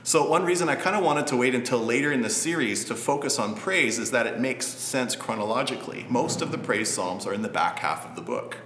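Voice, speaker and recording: A man preaching a sermon in a relaxed, conversational way with light humor. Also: medium pitch, a little fast, few pauses, roomy sound, slight background noise. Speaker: pastor.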